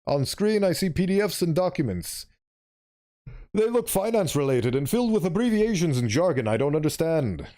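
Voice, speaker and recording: Young guy streamer reading a game out loud, rambly, bouncy up and down pitch, keeps cutting himself off. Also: very animated, normal speed. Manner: rambling, self-interrupting, chuckling asides. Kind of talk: reading a visual novel aloud with live commentary.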